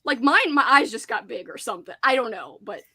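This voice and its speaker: Woman host, casual chat, swooping lively pitch, bright tone, chatty filler-heavy storytelling. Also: brisk, husky. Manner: animated storytelling full of "like".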